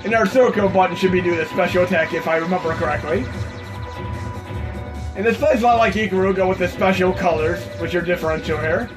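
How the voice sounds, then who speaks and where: Over loud game music, a man with a high-sitting voice hosts a retro gaming video from his home computer setup. He talks fairly quickly, chatting enthusiastically and rambling with plenty of fillers as he plays.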